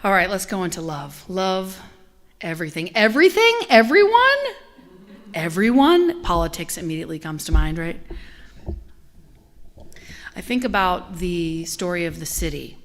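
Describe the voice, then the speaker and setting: A middle-aged woman giving a conversational sermon as a guest minister, telling stories with acted-out voices and sometimes dropping to a soft whisper. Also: on the low side, normal speed, long pauses. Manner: animated storytelling, acts out quoted voices; drops to a soft whisper on key points.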